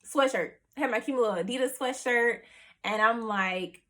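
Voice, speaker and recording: A young woman vlogger telling a personal story in a chatty, animated way, full of "like" and "you know.". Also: fairly high pitch, normal speed. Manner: animated, acts out her family's reactions.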